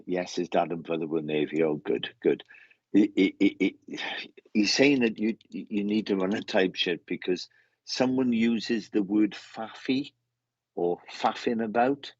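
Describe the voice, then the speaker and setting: A man giving a live mediumship reading, talking in halting, repetitive bursts full of restarts, on slightly dull lo-fi audio. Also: fairly low pitch, a little mellow, dry recording. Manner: halting, repetitive, with many restarts and self-corrections.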